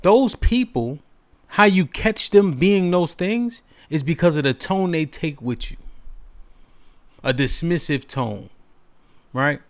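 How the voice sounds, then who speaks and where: The same kind of call-in host speaks slowly here, in a fairly high, expressive voice with frequent pauses. Emphatic, rhetorical and preachy, he tacks "right?" onto nearly every point.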